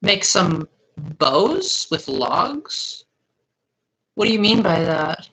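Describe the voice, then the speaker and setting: A woman's voice: mid-range voice, sing-song, extremely slow, a bit bright, rough recording. A young woman streaming live, chatting casually and answering her viewers' comments.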